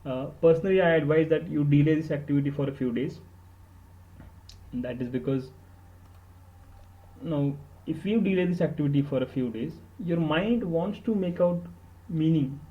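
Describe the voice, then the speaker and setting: A man's voice: a little high, normal speed, phone-quality sound. A man with an Indian accent giving study tips in an earnest, emphatic way, slipping into Hindi and repeating words for stress. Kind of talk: instructional podcast talk.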